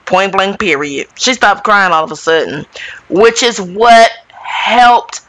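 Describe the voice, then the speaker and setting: A reality TV recap host giving sassy, animated gossip commentary with dramatic asides. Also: mid-range voice, slow, no room sound.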